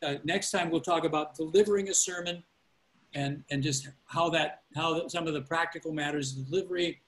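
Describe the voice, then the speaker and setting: A man who pastors, teaching a class on preaching over a call. His voice sits a touch high, and he gives earnest, fatherly counsel, often restarting sentences mid-thought. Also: fairly even intonation, fairly quick, fairly bright tone, poor audio. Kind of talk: informal teaching on a video call.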